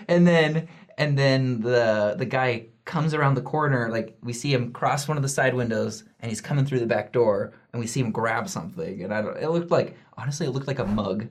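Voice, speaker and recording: Young man, storyteller, casual chat, lively retelling with voiced quotes, mid-pitched everyday voice. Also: fairly quick. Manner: animated, acts out voices in quotes. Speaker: returned missionary.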